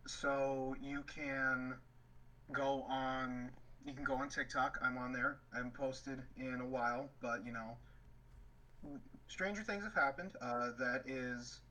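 A man's voice: mid-range voice, steady tone, takes it slowly, bright, forceful tone, rough recording. A young adult man, a guest on a casual podcast, talking reflectively and restarting his sentences often.

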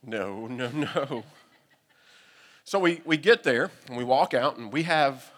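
A man with a Southern US accent, a pastor telling a humorous, animated story during a sermon. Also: mid-range voice, takes it slowly. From United States. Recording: long reverb from a hall.

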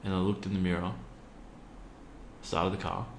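An Australian man with a low, deep voice, earnest and hesitant, peppering his story with ums. The room is echoey, with a faint hum underneath. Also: little pitch movement, moderate pace, vocal fry. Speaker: interview guest, youth program founder. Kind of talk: casual storytelling in an interview.

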